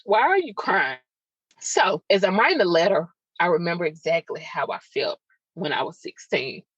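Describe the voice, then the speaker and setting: A woman's voice: on the low side, lively intonation, normal speed, breathy edge, no echo. A woman hosting a podcast, telling a personal story in an emotional, raw and confiding way, with chatty asides to her listeners. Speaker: podcast host. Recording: dull lo-fi sound, dry.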